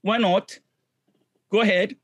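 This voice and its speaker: A man being interviewed as a guest, speaking halting, non-native English with restarts and fillers. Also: sits high, fairly even intonation, a bit bright, no echo. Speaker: guest, clown comedian and improviser. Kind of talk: casual interview.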